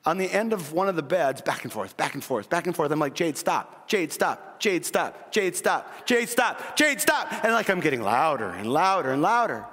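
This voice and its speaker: A middle-aged man preaching a sermon as a pastor, telling a family story with animated energy before dropping to a quiet, earnest plea. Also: high voice. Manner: storytelling, shifting from quick excited retelling to quiet earnest pleading. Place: large church hall. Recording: long reverb of a church hall.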